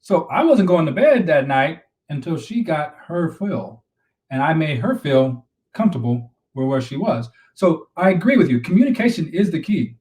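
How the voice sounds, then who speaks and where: A man's voice: fairly high pitch, very animated, normal speed, darkish tone, recorded from a distance. Man, relationship coach on a live stream, earnest and repetitive, recorded a little off-mic in a roomy space. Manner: earnest, repeats himself, advice-giving.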